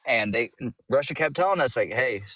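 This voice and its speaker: A man's voice: mid-range voice, animated, normal speed, pushed and bright, no echo. A young man calling into a livestream debate, combative and swearing, often talking over the other speaker. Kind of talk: heated casual debate.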